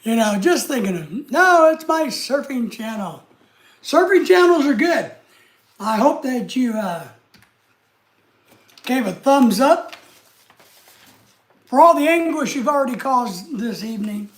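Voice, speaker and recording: A man's voice: extremely high pitch, big pitch swings, unhurried, long pauses. A man hosting a live stream, chatting casually and answering viewer comments in an easygoing way. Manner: easygoing, chatty, talks straight to the chat.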